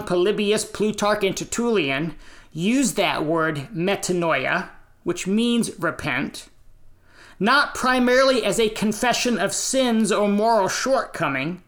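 An American man preaching a sermon in a measured, deliberate way, pausing between phrases. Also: high-pitched, fairly bright tone. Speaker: pastor.

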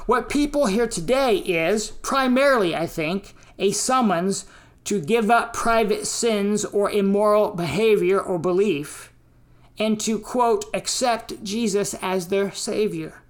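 An American woman preaching a sermon, teaching slowly and deliberately and giving emphasis to the quotes she reads out. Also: medium pitch. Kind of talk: sermon on scripture and history.

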